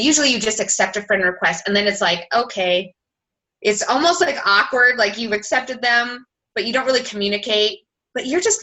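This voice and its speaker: Fast-talking bright-voiced woman coach. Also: medium pitch, rough recording. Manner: fast, chatty, lots of "like", acts out quoted messages. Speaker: sales team coach on a team call. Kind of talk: casual coaching talk.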